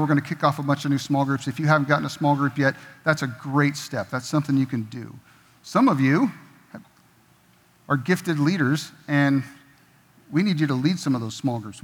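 A middle-aged man preaching a sermon in a church, conversational and jokey, slipping into quoted voices. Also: on the high side. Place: church sanctuary. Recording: long reverb of a church hall.

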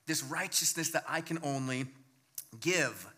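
A man preaching a sermon as pastor, emphatic and swinging between loud points and hushed low lines. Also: a little slow, breathy edge.

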